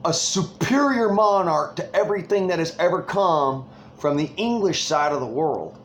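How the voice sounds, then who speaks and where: A man's voice: fairly high pitch, slight background noise. A man delivering an angry, rambling political rant full of swearing.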